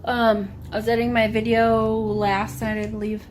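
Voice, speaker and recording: A woman's voice: fairly high pitch, monotone, moderate pace, slight background noise. A woman vlogging at home, chatting casually in a wry, meandering way full of asides. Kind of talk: casual rambling chat. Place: home, indoors.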